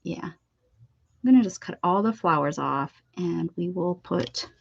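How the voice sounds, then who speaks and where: A woman's voice: fairly low pitch, animated, measured pace, vocal fry, muffled recording. A woman hosting a casual live crafting stream, chatty and bubbly, greeting viewers and laughing. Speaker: craft video host.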